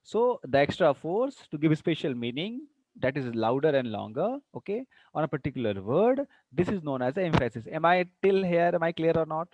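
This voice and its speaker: Teacher, slightly high voice, dry close mic, keeps asking if students follow. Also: male voice, very animated, a little fast, a little mellow, no echo, lo-fi sound. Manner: repeats example sentences with stress, checks students often. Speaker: English teacher. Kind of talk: online class lecture.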